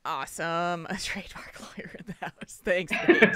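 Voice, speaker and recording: A woman's voice: lowish voice, measured pace, bright, forceful tone, a little hiss or hum. A woman hosting a podcast in casual chat, bubbly and laughing often. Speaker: podcast host.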